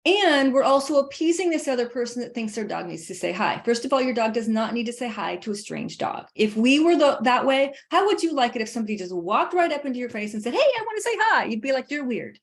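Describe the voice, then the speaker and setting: A woman dog trainer talking through leash training in a casual, lively way, laughing often and hammering her points with emphatic asides. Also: a little high, fast, hardly any pauses. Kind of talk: casual instructional chat.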